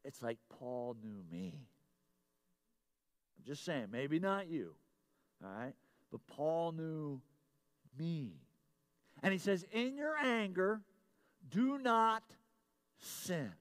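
A middle-aged man preaching a sermon as pastor, moving between loud emphatic lines and quiet confiding asides, repeating his key phrases. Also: a little high, big pitch swings, takes it slowly, pauses often.

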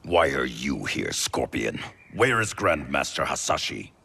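An actor playing a stern male warrior leader in a video game cutscene, with a deep, raspy voice and a grave, distrustful manner. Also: sing-song, measured pace, pushed and bright, exaggerated voice.

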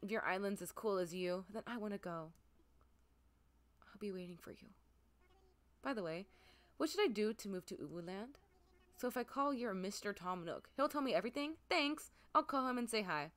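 A woman's voice: medium pitch, animated, normal speed, long pauses, close to an everyday voice. A woman reading the lines of a sweet little boy goat villager from a cozy game, in her own everyday voice.

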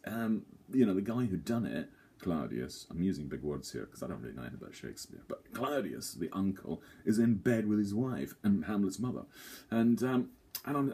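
A man's voice: fairly low pitch, dark tone, husky. A man giving a rambling, self-deprecating, jokey theatre review to camera, full of fillers.

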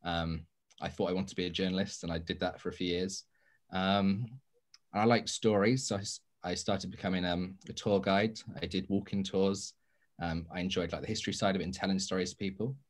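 A young man who writes romance speaks on a panel over a video call, casual and modest, with plenty of ums. His voice is low and level, and he talks fairly quickly.

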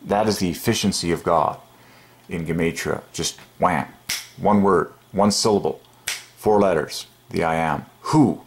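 A man hosting his own channel, giving an excited, emphatic religious monologue and chuckling often. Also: sits low, measured pace, a little hiss or hum. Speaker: channel host. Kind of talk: casual religious monologue to camera.

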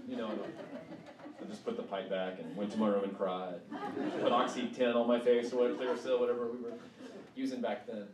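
This author's voice sits on the low side and moves a little fast as he gives a chatty public talk at a university, repeatedly checking in with "right?". The recording comes from a distant mic in an echoey event hall, with faint noise.

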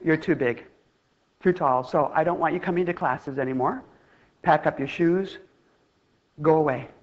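Brief: stern, dismissive older ballet mistress, dropped low and flat, put on by a woman storyteller. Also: moderate pace, highs cut off. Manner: blunt, dismissive.

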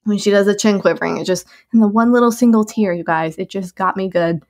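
A young woman, a new mother, chatting casually and warmly about her baby, with lots of fillers and laughs. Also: medium pitch, fast. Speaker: new mom answering viewer questions. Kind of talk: casual chat.

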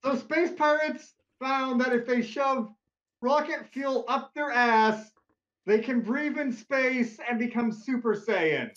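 A man's voice: very high-pitched, takes it slowly, a bit bright, highs cut off. A man running a comedic tabletop game as game master, narrating with a wry, joking manner.

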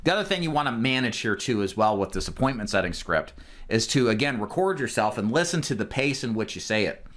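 A man's voice: mid-range voice, expressive, quick pace, fairly bright tone. A man coaching a group of insurance agents in an instructional talk, speaking in a direct, emphatic way with plenty of fillers. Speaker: insurance sales trainer.

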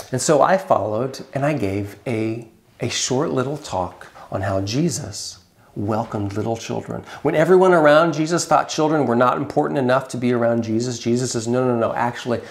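A male pastor preaching a sermon, moving between quiet, drawn-out phrases and raised, urgent emphasis. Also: medium pitch, vocal fry.

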